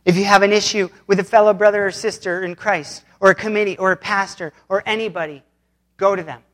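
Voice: medium pitch, fairly even intonation, fast talker, fairly bright tone. A pastor giving a conversational sermon, retelling scripture in plain everyday words.

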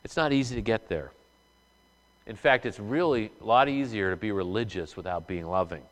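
A man's voice: lowish voice, normal speed. Man preaching in a reverberant hall. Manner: conversational, frequent fillers and restarts. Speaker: former pastor, college representative. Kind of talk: sermon.

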